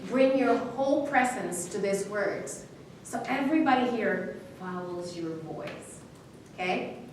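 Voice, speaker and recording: A woman public speaking instructor leads a live workshop, coaching with expressive, encouraging delivery. Her voice sits at a middle pitch. It is heard from across a very echoey hall with faint noise. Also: measured pace, recorded from a distance. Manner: encouraging, expressive, demonstrates dramatic reading. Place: university hall seminar.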